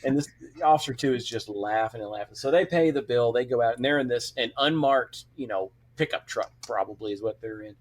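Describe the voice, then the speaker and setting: A man's voice: medium pitch, brisk, hardly any pauses. A man who is a police officer, a guest on a podcast telling a story casually, with many restarts. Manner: rambling storyteller with many restarts and quoted voices.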